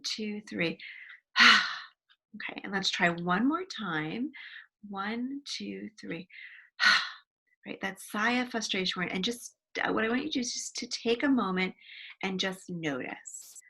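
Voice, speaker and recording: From her home office, a woman counselor with a husky, medium-pitched voice leads a guided wellness exercise. She gently counts aloud and demonstrates sighs.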